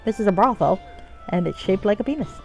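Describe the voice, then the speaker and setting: A woman streaming a game and chatting casually, jokey and quick to laugh. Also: mid-range voice, animated, low-quality recording. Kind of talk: casual gameplay commentary. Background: faint game music.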